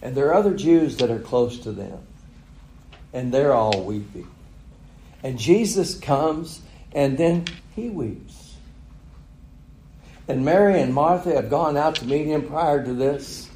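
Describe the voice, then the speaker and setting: A man's voice: mid-range voice, animated, slow, long pauses, warm tone, echoey room, rough recording. A man preaching a sermon, retelling a story with chuckles and rhetorical questions. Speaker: pastor.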